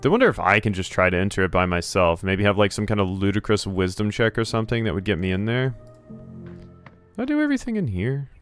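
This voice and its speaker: A man's voice: deep voice, quick pace, hardly any pauses, a bit bright, soft background music. A man hosting a let's play, reading game text aloud with sarcastic, joking asides. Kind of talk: playing a game and reading along.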